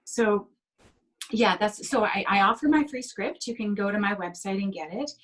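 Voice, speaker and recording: A woman coaching on sugar addiction as a guest in an interview, speaking gently and heartfelt, sometimes acting out inner voices. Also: mid-range voice, moderate pace, poor audio. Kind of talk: interview over video call.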